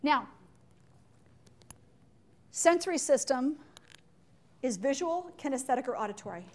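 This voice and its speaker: A woman leading a live leadership and sales workshop in a meeting room, chatty and playful, with quick asides and acted-out examples. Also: high-pitched, expressive. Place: meeting room with window blinds.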